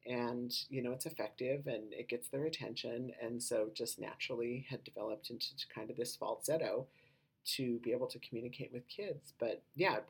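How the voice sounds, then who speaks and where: A woman hosting a podcast with a low voice that gets mistaken for a man's, talking casually and rambling with lots of filler words. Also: normal speed, breathy edge. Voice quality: low voice often taken for a man's on the phone. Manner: rambling, many "you know" fillers. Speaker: podcast host.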